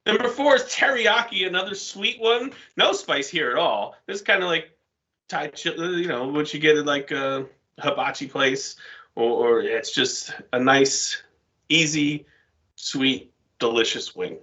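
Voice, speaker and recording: A man's voice: fairly high pitch, measured pace, bright, forceful tone, muffled recording. A man co-hosting a podcast, explaining things in an easygoing, casual way. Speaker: podcast co-host. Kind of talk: casual banter.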